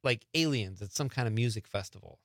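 A man's voice: fairly low pitch, fairly quick, dry recording. A man hosting a live radio show in a studio, chatting casually and upbeat, asking his guest lots of questions.

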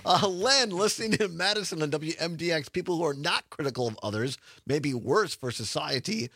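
Man, radio talk host, animated up-and-down voice, dry studio sound, reads listener notes. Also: on the high side, fairly quick, husky, no room sound. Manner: upbeat, laughs often, reads messages aloud. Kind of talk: call-in radio show, reading listener messages. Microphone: studio microphone.

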